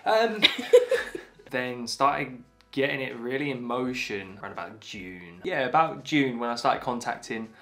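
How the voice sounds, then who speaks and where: A man in his twenties, a guest joining the vlog, chatting casually and a bit hesitantly with lots of pauses. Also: medium pitch, animated, fairly bright tone, soft background music. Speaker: fiancé guest. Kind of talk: casual chat.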